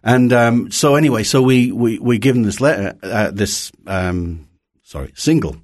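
A man's voice: lowish voice, animated, moderate pace, darkish tone. A Scottish-accented man in his sixties, a pastor and songwriter, telling stories cheerfully in an interview with chuckles and restarts. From Scotland. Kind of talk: casual interview chat.

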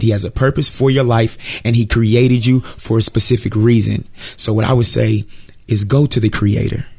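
A man's voice: fairly low pitch, darkish tone. An American man, a Christian rapper, talking earnestly and encouragingly in an interview, preaching about purpose and faith. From United States. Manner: earnest, encouraging, repeats words.

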